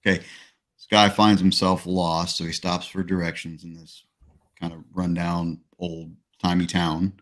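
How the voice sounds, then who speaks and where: A man with a low voice co-hosts a casual chat podcast. He talks in a laid-back, easygoing way and tells jokes with friends. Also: level tone, unhurried, a bit bright. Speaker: podcast co-host. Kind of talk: casual chat, telling a joke.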